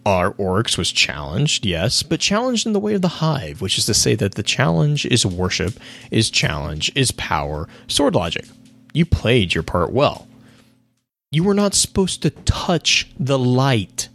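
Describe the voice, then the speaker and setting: A man's voice: mid-range voice, wildly swooping pitch, unhurried, vocal fry, a bit bright, full character voice. A man voicing an unhinged male sorcerer obsessed with the hive, scolding the listener in a theatrical, lofty manner. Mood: indignant, mocking.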